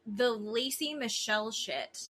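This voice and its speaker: A woman's voice: on the high side, takes it slowly. A woman co-hosting a podcast in casual chat, blunt, swearing freely and mimicking the people she talks about. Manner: animated, mimics people in quotes. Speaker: podcast co-host.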